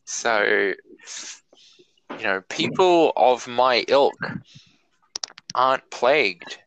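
An Australian man from rural New South Wales, a podcast guest, bantering in casual chat with a deadpan, mock-boastful manner. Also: medium pitch, drawn-out words, clean tone, rough recording.

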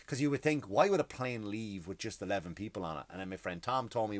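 A man's voice: fairly low pitch, fast talker, hardly any pauses, no echo. Rambling, foul-mouthed male comedian. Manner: rambling, swearing, restarts mid-sentence. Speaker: comedian and podcast host. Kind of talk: profane comedic monologue.

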